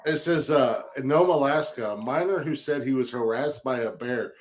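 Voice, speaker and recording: A man's voice: medium pitch, normal speed. A man co-hosting a podcast in casual chat, blunt and profane, joking as he rants. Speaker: podcast co-host.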